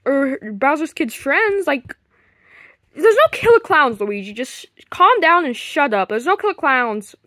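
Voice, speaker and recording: A man's voice: very high voice, big pitch swings, unhurried, hardly any pauses, sharp tone, dry recording, clean studio sound, full character voice. A man voicing Mario as a bossy, short-tempered dad in a puppet fan video, scolding and dismissive.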